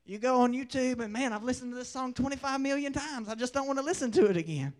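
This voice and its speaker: A young man with a very high-pitched voice delivers a sermon testimony. He moves between loud, emphatic lines and quiet, hushed storytelling. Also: fast. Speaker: preacher.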